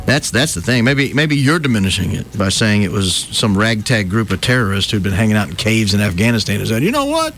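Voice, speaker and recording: A man's voice: lowish voice, brisk, few pauses, a bit bright, soft background music. A man hosting a sports talk radio show, bantering in a wry, teasing way.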